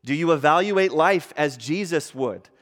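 A man delivers a sermon in a slightly high voice, reading scripture and then building to emphatic, ringing peaks. His words carry a long reverb, as if he is in a large church hall. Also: a little slow. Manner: animated preaching, rising to emphatic peaks. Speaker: pastor.

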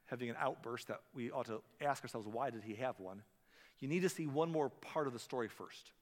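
A man's voice: medium pitch, a bit bright, big-room sound. A man preaching a sermon in a conversational way, often restarting and repeating words as he goes. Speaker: pastor.

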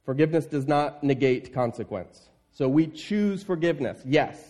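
A man's voice: a little high, lively intonation, moderate pace, a little mellow. A man preaching a sermon in an earnest, emphatic way, repeating key phrases. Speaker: pastor. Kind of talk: sermon with scripture reading.

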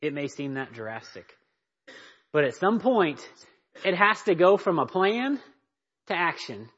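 Husky-voiced man teaching a parenting class. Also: a little high, sing-song, measured pace, fairly bright tone. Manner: emphatic, checks in with "right?" and "okay?". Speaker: church teacher. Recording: dull lo-fi recording.

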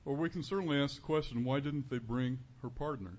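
Man preaching, earnest and conversational, middle pitch, muffled lo-fi sound. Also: fairly quick, darkish tone. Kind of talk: sermon. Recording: dull lo-fi recording with faint room noise.

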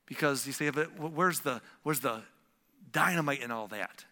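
A man preaching a sermon as a pastor, swinging from loud emphatic lines to hushed whispers. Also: medium pitch, normal speed. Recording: long hall reverb.

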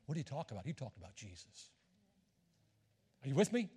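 A man's voice: medium pitch, big pitch swings, a little fast, warm tone, husky. A middle-aged man preaching a sermon as a visiting missionary, folksy and joking with the congregation. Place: church sanctuary. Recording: long reverb of a church hall.

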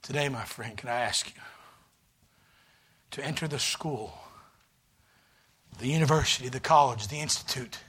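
Man, guest preacher, sermon in a church, husky voice, fiery and pleading. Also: mid-range voice, moderate pace, pauses often. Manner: shouting, fiery preaching, soft altar-call invitation. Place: church sanctuary.

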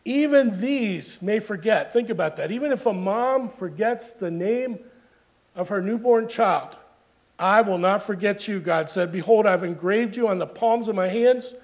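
A man with a high voice delivers a sermon. He speaks earnestly and with emphasis, and he builds each point by repeating phrases. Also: measured pace. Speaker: pastor.

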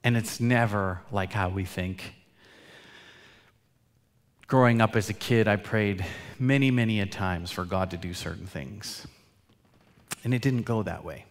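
A man preaching a sermon as pastor, earnest, swinging between loud emphatic lines and quiet, soft asides. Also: medium pitch, animated, measured pace. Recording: long hall reverb.

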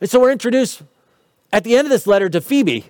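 A man's voice: very high-pitched, lively intonation, fast, darkish tone, no echo, clean studio sound. A man preaching a sermon, explaining scripture in a teaching tone with light humor and rhetorical questions. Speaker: pastor.

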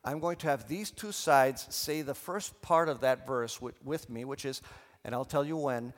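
A man preaching a sermon in a church, animated and leading the congregation in call and response. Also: medium pitch, moderate pace, long reverb tail. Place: church sanctuary.

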